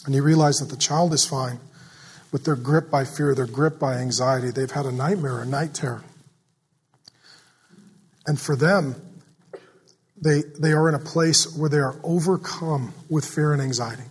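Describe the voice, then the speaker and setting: A middle-aged man preaching a sermon, swinging from loud emphatic passages to a soft, fatherly hush. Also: mid-range voice, breathy edge. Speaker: pastor.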